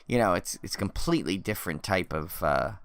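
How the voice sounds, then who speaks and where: A man co-hosts a horror podcast in loose, rambling casual chat full of restarts. His voice is bright and crisp. The sound is dry and close. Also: low-pitched, lively intonation, a little fast, no echo. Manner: rambling, many restarts and fillers. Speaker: podcast co-host.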